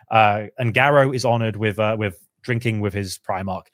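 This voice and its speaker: A man with a lowish voice chats about lore on a podcast, recorded close and dry. He keeps it casual and lively, often slipping into quick put-on voices for the characters he describes. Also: no room sound. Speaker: podcast co-host.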